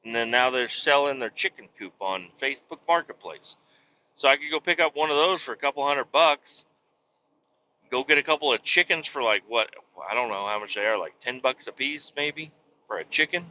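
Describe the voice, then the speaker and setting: A man's voice: medium pitch, moderate pace, bright, forceful tone, muffled recording, slight background noise. A man talking in a casual, rambling monologue as a podcast host, cursing freely and restarting his sentences often. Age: adult with young children. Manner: rambling, profane, with many restarts. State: hiccuping.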